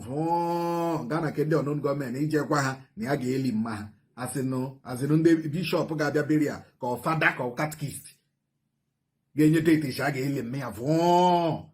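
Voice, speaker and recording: A man's voice: on the high side, darkish tone. A middle-aged man with an Igbo Nigerian accent gives an impassioned spoken statement, switching between Igbo and English and repeating phrases and rhetorical questions for emphasis. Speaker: community spokesman rebutting a report.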